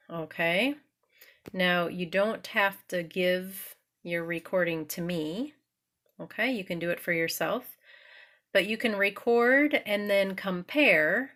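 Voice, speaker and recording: A woman teaching pronunciation at an unhurried, deliberate pace. Her voice sits fairly low, and she often checks in with her learners. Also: a bit bright. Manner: patient, slow, frequent "okay?" checks. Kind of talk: English pronunciation lesson.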